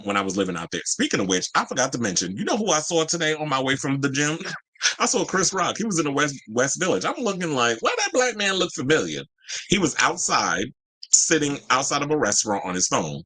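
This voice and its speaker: Casual pop-culture talk comes from an entertainment news show host who is animated and chatty, swears freely, and answers live chat as he reads it. His voice is bright, dry and medium in pitch, heard without echo on a rough recording.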